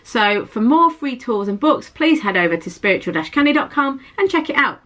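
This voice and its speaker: A woman talks her viewers through a tarot pick-a-card reading in a chatty, reassuring way. Her voice is bright and crisp and sits a little high. She often repeats herself and restarts her sentences as the thoughts come. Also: very animated, a little fast. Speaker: tarot reader. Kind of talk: intuitive tarot reading to camera.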